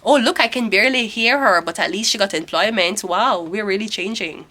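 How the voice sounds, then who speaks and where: A woman's voice: mid-range voice, a little fast, pushed and bright. A woman with a Jamaican accent voicing a smug, self-congratulating employer in a mocking tone.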